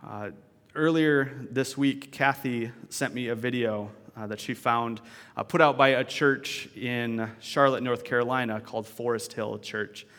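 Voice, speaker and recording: Male pastor, reflective and conversational, average pitch, recorded with long reverb in a church sanctuary. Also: steady tone, unhurried, fairly bright tone. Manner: conversational and reflective, with restarts and asides. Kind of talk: sermon.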